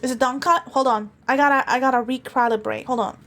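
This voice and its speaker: A high-voiced woman talks loosely to her stream chat, giggling between rambling, crude jokes. She trips over her words and restarts often, teasing the viewers as she goes. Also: steady tone, fast talker, fairly bright tone. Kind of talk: casual livestream chat.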